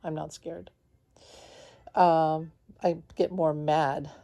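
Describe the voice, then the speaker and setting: Low-voiced woman rambling in a vlog. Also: little pitch movement, very slow, vocal fry, dark tone. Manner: rambling, heavy on "like" fillers, laughs between thoughts; talks lying down. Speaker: spiritual vlogger. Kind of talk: casual confessional vlog. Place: at home.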